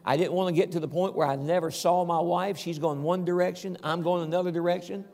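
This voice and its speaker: Gravelly older preacher in a reverberant hall. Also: male voice, sits high, steady tone, brisk, a little mellow. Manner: conversational preaching, often checking in with "okay?". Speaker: pastor. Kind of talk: sermon. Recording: long reverb of a large hall.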